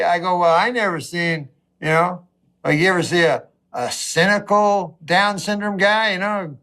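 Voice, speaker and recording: Deadpan rambling male stand-up comic. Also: high voice, normal speed. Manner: deadpan, rambling, drawling asides. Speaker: stand-up comedian. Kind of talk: stand-up routine.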